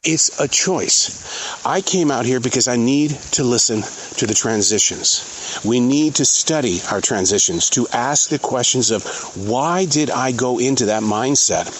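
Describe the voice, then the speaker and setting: A man hosting a podcast, speaking his thoughts out loud while outdoors in a forest, earnest and given to pauses and repeats. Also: mid-range voice, lively intonation, slight background noise. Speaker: podcast host. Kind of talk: reflective outdoor monologue.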